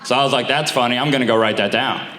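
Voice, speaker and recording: A man's voice: mid-range voice, fairly even intonation, fast talker, noisy background. A young man from Staten Island with a slight lisp, performing a self-deprecating stand-up comedy set with casual asides to the crowd. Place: theater stage before a live audience. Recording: roomy live theater sound.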